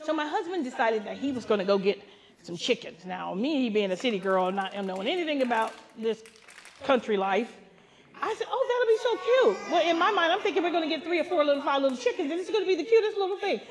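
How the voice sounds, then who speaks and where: An older woman with a high voice tells a funny story to a gathering. She is animated and laughs often, and she jumps into the voices of the people in her tale as a pastor would from the front of a room. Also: fast talker. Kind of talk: comic storytelling to a women's gathering. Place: live gathering.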